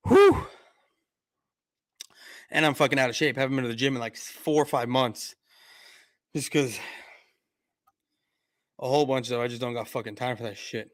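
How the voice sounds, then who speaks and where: A man hosting a casual sports live stream, rambling and argumentative. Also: medium pitch. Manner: rambling, lots of fillers and restarts, argumentative.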